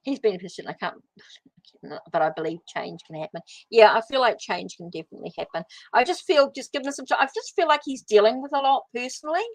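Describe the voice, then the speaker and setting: A woman's voice: fairly high pitch, quick pace, no room sound. A woman with a New Zealand accent giving a casual tarot reading on a livestream, thinking aloud as she draws cards. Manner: chatty, thinks aloud while drawing cards. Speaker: tarot reader.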